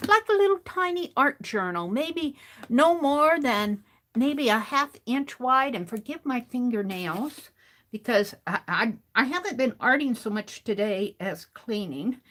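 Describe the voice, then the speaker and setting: A woman's voice: high-pitched, very animated, measured pace, a bit bright. A woman art streamer rambling through a story as she crafts, chatty and full of restarts. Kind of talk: casual storytelling while crafting.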